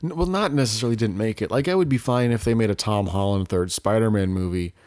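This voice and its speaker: A man's voice: lowish voice, darkish tone, dry recording, studio quality. Opinionated young male podcast guest. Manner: rambling, opinionated, swears freely. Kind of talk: casual podcast banter.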